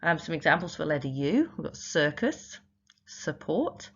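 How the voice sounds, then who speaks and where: Low-voiced woman explaining spelling. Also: big pitch swings, moderate pace, husky, muffled recording. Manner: patient, explains step by step with many examples; frequent "um" fillers. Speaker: literacy teacher trainer. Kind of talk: instructional explainer video.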